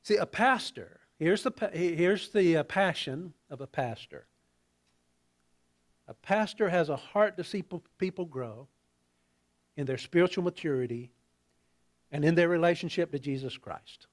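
A man preaching a sermon in a conversational, halting way, with many restarts and quiet asides. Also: fairly high pitch, expressive. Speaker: pastor.

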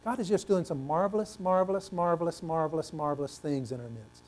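A male pastor preaching a sermon, animated and asking the congregation questions, swinging between loud and hushed delivery. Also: a little high, a little fast. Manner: repeats words for emphasis, asks the congregation questions.

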